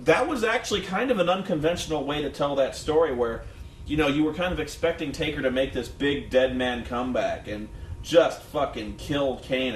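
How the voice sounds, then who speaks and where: A man co-hosting a review show in casual chat, rambling and swearing a lot. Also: mid-range voice. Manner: rambling and profane, lots of fillers. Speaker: co-host of a wrestling review show. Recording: echoey room, distant mic, faint hum.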